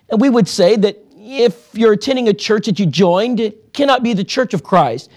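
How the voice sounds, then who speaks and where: A man preaching a sermon-style lesson on evangelism, earnest and measured, reading scripture passages aloud. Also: sits high, darkish tone.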